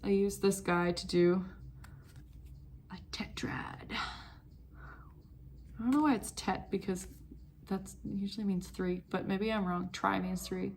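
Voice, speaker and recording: A woman's voice: medium pitch, fairly even intonation, moderate pace, hardly any pauses, darkish tone, a little hiss or hum. A young woman vlogging about knitting at home in a chatty, rambling way that wanders off topic. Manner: chatty, rambling, easily sidetracked. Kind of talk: casual chat.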